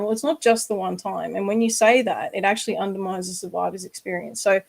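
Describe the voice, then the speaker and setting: A woman's voice: mid-range voice, fairly even intonation, quick pace, gravelly, rough recording. An Australian woman hosting a podcast interview, speaking earnestly and reassuringly, with casual swearing for emphasis. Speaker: podcast host.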